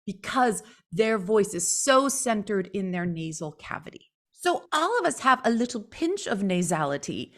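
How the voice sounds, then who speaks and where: A woman's voice: medium pitch, big pitch swings, normal speed, fairly bright tone. A woman voice coach explaining and demonstrating speaking habits in an instructional chat, swinging her tone up and down as she acts out examples.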